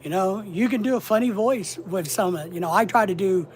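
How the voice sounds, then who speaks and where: A middle-aged online business coach with a slight Southern accent walks viewers through a casual livestream lesson. His voice is high and his speed normal, and he rambles in a plainspoken, conversational way.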